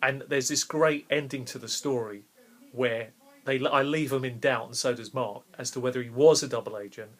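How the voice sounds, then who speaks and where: A man's voice: medium pitch, normal speed. A man, a game master recounting a favourite role-play session in a rambling, enthusiastic way. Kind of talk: casual storytelling to camera.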